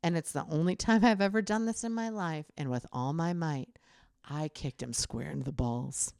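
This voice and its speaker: A young adult woman co-hosting a podcast, animated and profane as she tells a story in casual chat. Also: low voice, moderate pace, gravelly, dry recording, studio quality. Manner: animated, swearing, laughs while telling. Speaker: podcast co-host.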